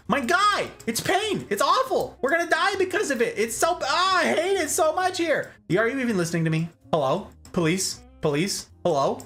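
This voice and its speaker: Brief: man doing melodramatic pain receptors, high and frantic, pitch leaping all over. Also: bright, forceful tone, full character voice. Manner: shrill, pleading, melodramatic. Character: frantic panicking pain receptors, whiny, genderless.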